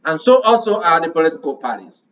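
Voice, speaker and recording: A man preaches with a high voice, hammering his congregation with rhetorical questions. He sounds set back from the microphone, and the recording is dull and muffled. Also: sing-song, fast, a bit bright, far from the mic, a little hiss or hum. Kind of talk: sermon.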